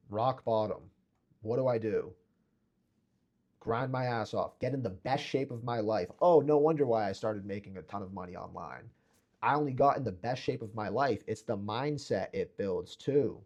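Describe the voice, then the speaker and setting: A man's voice: fairly low pitch, darkish tone. A young man delivering an intense motivational monologue to camera, preachy and repetitive, mocking imagined people in sarcastic voices. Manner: intense, preachy, repeats phrases for emphasis. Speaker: fitness vlogger.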